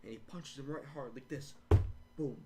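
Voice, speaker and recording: A man's voice: mid-range voice, a little fast, loud music behind the voice. A young man casually joking, acting out wrestling matches and chanting, recorded in his bedroom. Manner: excitable, swearing, acts out wrestling with loud chanting. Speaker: host.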